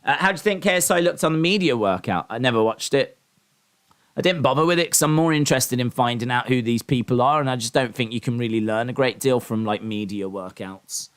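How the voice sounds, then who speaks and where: A man's voice: medium pitch, brisk, clean tone. A man hosting a casual live stream, talking in a rambling, opinionated way with lots of ums and restarts. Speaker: live-stream host reacting to wrestling and boxing.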